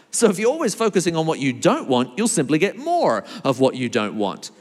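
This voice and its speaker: Animated male preacher in a reverberant hall. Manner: lively, animated preaching with big pitch swings. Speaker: pastor. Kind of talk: sermon.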